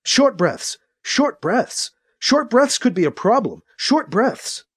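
Man voicing a slow, creeping alien tormentor. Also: extremely high pitch, big pitch swings, a bit bright, breathy edge, voice pushed up, full character voice. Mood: taunting. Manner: slow, creeping, repetitive menace. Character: sinister male alien tormenting a trapped man.

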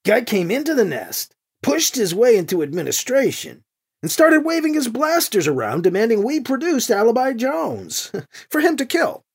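A man's voice: extremely high pitch, sing-song, normal speed, gravelly, breathy edge, voice pushed up, full character voice. A narrator voicing a male security chief who talks in a wry, matter-of-fact way. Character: gruff male security chief, dry-humored.

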